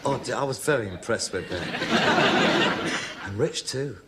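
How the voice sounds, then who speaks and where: An actor playing a short-tempered, snobbish middle-aged son in a sitcom, full of theatrical outbursts. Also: male voice, mid-range voice, huge pitch swings, slow pace, very noisy. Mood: boastful. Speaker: sitcom character.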